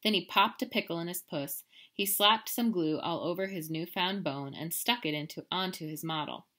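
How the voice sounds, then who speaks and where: A woman teacher talking casually to her class, full of ums and reminders, before reading a storybook aloud. Her voice sits a little low yet sounds bright and forward. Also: normal speed. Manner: casual, many filler ums, friendly reminders. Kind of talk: class announcements and read-aloud.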